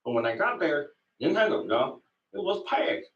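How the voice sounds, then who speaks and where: A man's voice: a little high, sing-song, moderate pace, a bit bright, roomy sound, recorded from a distance, lo-fi sound. A man in a comic clip, talking in an exaggerated way and mixing two languages.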